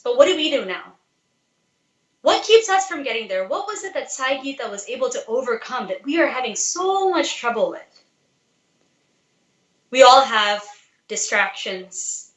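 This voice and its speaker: In a roomy space with poor audio, a devotional speaker whose voice sits on the high side and a bit bright talks earnestly. She shares a story and asks rhetorical questions to spur her listeners on.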